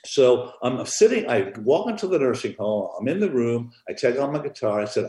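A man, an author and music therapist, telling an animated story on a podcast and acting out the dialogue. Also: mid-range voice, normal speed, hardly any pauses, roomy sound.

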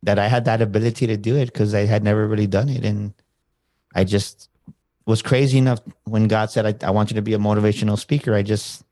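A man's voice: lowish voice, quick pace. A man being interviewed as a motivational speaker, telling a personal story in a casual way and acting out what people said. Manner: animated, acts out quoted dialogue.

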